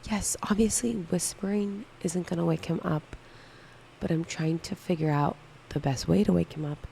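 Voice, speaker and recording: A woman's voice: on the low side, steady tone, normal speed, gravelly, mellow, slight background noise, rough recording. A woman in her thirties chatting casually on a livestream, candidly answering viewer questions one by one. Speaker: livestream co-host.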